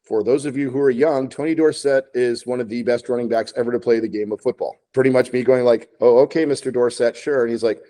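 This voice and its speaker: A man's voice: medium pitch, fairly even intonation, quick pace, hardly any pauses, mellow. A man co-hosting a podcast, casually telling bar stories and acting out phone calls. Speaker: podcast co-host, bartender. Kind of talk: casual storytelling chat.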